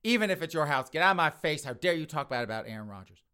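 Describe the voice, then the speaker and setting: A man voicing a hysterical twenty-year-old woman who yells indignantly. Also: on the high side, big pitch swings, fast talker, voice pushed up. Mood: furious. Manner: shouting, indignant. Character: hot-tempered young woman, twenty, hysterical.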